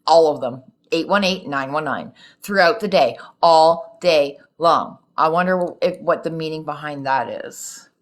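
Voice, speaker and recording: A woman hosting a casual spiritual chat, telling stories in a lively way, swearing freely and laughing often. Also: sits low, measured pace, hardly any pauses. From Canada. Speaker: host.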